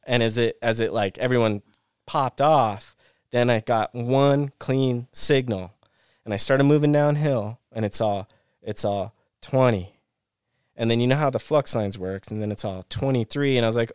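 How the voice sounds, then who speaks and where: A man's voice: medium pitch, clear, resonant tone, no echo, clean studio sound. A middle-aged man, a former pro snowboarder, retelling an avalanche rescue as a podcast guest in a rush of restarts and repeated phrases. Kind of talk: casual storytelling interview.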